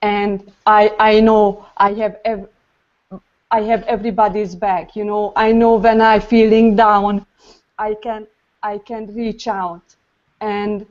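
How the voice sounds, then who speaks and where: Slow, halting emotional woman. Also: mid-range voice, level tone, a little mellow. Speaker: group call participant. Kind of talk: personal sharing in a group. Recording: dull lo-fi sound.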